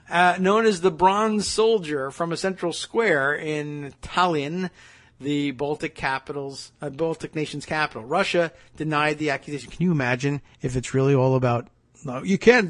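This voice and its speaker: A political talk podcast host with a fairly high, somewhat bright voice reads news items aloud. Between passages he breaks off into sarcastic, chatty asides.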